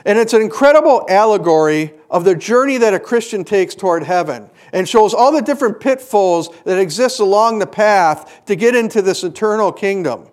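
High-voiced man preaching a sermon. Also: expressive, moderate pace, hardly any pauses. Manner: earnest, rhetorical questions to the congregation.

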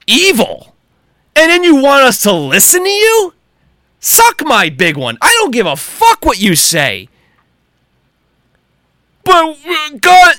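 Really high bright-voiced guy ranting on his podcast, swearing, yelling bits, dry close sound. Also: no room sound. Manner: profane, heated, shouting outbursts. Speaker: podcast host. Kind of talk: angry solo podcast rant.

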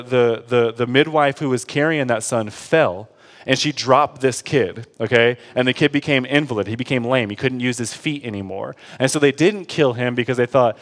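Young male preacher, mid-pitched, reads scripture then explains it loosely, long hall reverb. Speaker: pastor. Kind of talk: sermon.

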